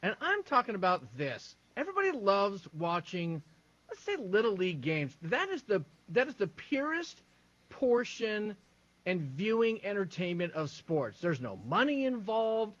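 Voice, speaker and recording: A man co-hosting a sports talk show, telling animated stories with lots of stumbling restarts. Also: high voice, measured pace, dull audio.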